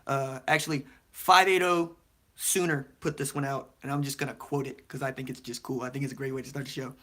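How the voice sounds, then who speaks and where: A young man hosting a live-stream sports podcast, laughing often and rattling off quick shout-outs to viewers. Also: medium pitch. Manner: animated, laughs a lot, rapid shout-outs to chat. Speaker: podcast host.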